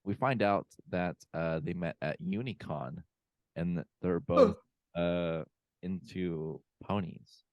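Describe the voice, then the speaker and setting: A man with a very low voice casually retells a movie for his podcast co-hosts, leaning on fillers and quoting characters. The sound is dry and close to the mic. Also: takes it slowly, dry recording, dull audio. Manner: rambling recap with many fillers and quoted lines. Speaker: podcast co-host. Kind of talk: casual movie recap chat. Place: home room, remote call.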